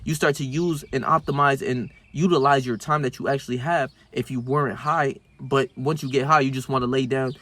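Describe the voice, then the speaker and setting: A young man tells a rambling personal story straight to the camera, with constant slang and profanity. His voice sits in an ordinary middle pitch, and it jumps up and gets louder whenever he acts out what he and his friends said. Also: fairly quick, few pauses. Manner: slangy, profane, animated when reenacting scenes. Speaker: self-improvement vlogger. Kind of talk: casual storytelling monologue.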